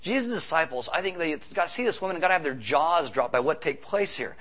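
A man preaching a sermon as pastor, conversational, with quick asides and rhetorical questions. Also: fairly high pitch, expressive, a bit bright.

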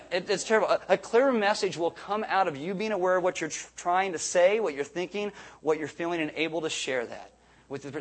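A middle-aged man pastor giving a sermon in a conversational manner, repeating himself and adding jokey asides. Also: on the high side.

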